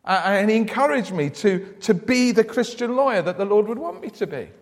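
Earnest preacher in a reverberant church. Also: male voice, high voice, lively intonation, fairly quick. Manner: earnest storytelling, repeats words when starting. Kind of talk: sermon.

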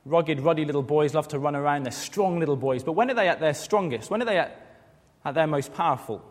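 A man's voice: a little high, animated, fairly quick. A man in his thirties preaching a sermon, earnest, asking rhetorical questions and acting out quoted voices. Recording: long hall reverb.

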